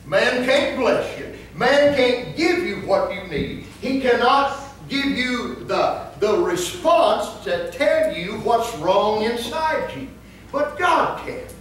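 A man pastor preaching a sermon, telling funny stories and then breaking into emphatic, shouted points. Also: high voice, a little hiss or hum. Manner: humorous storytelling that rises into emphatic preaching. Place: church sanctuary. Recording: echoey church from far off.

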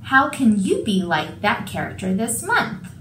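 A woman's voice: mid-range voice, big pitch swings, unhurried, fairly bright tone, reverberant, slight background noise, low-quality recording. A woman reading a school announcement script in an encouraging way.

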